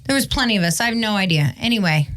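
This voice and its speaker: A woman co-hosting a podcast, chatting casually, brash and swearing freely as she tells stories fast. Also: mid-range voice, animated, a bit bright. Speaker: podcast co-host. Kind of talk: casual chat.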